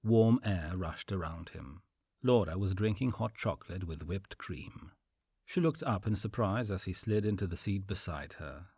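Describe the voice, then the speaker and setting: A man reading an audiobook story in an expressive storytelling manner. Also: deep voice, normal speed, breathy edge, no echo, clean studio sound. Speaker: audiobook narrator. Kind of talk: audiobook narration.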